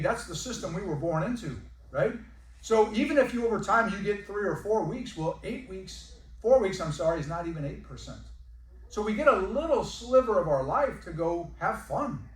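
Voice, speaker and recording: Folksy salesman in an echoey room. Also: sits high. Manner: folksy, joking, uses y'all. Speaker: timeshare sales presenter. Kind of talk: sales pitch to a live audience. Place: presentation room. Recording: echoey room, mic at a distance.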